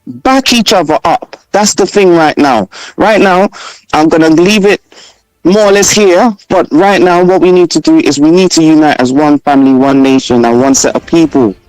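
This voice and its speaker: A man's voice: on the high side, moderate pace, darkish tone, dry recording, faint music behind, low-quality recording. A man from Trinidad who lives in England, with a Trinidadian accent, calling in to a radio talk show and preaching his point with repeated slogans. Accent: Trinidadian, living in England. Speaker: caller. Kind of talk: impassioned call-in radio.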